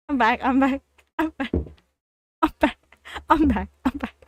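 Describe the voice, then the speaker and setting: A woman's voice: sits high, takes it slowly, slight background noise. A woman streaming casually, reading viewer stories aloud and reacting with frequent laughter and repeated phrases. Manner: giggly, laughs often, repeats herself. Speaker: vtuber streamer. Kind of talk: casual livestream reading and commenting.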